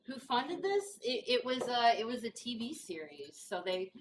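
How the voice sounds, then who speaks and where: With huge pitch swings in a fairly high voice, a rural Kentucky woman tells joking, self-deprecating stories to an audience at normal speed. She is a guest speaker in an indoor brewery event room, recorded on a distant mic with faint noise.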